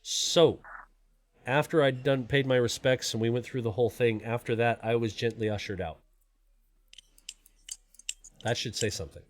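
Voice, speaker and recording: A man's voice: mid-range voice, fairly even intonation, normal speed, pauses often. A man hosting a live stream, talking openly and emotionally about personal loss in a rambling, earnest way. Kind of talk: heartfelt personal talk.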